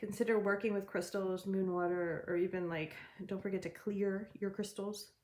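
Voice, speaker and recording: A woman's voice: medium pitch, steady tone, moderate pace, darkish tone. A woman giving a general tarot reading, talking in an encouraging, chatty way and laughing often. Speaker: tarot reader.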